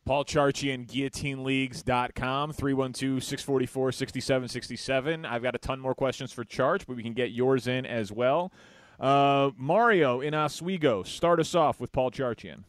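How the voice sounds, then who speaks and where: A man's voice: mid-range voice, no room sound. A male sports radio host taking calls and chatting casually about football stats. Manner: relaxed, chatty, quick stat asides. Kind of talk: call-in radio talk.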